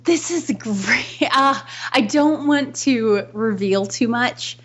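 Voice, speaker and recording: A woman's voice: on the high side, slow pace, muffled recording, a little hiss or hum. A woman co-hosting a podcast in casual film discussion, thoughtful, restarting her sentences and laughing between points. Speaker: podcast co-host.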